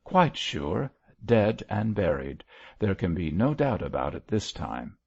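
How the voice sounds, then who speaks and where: Narrator doing a solemn old cleric, husky and measured, lo-fi audiobook. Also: male voice, deep voice, big pitch swings, no echo, exaggerated voice. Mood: grave. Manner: grave, solemn, soothing. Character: elderly stern gentle bishop, white-haired.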